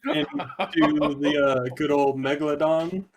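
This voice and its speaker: A man's voice: a little high, steady tone, a little slow, a crowd in the background. A man playing a tabletop game, speaking plainly with hesitant restarts. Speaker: player.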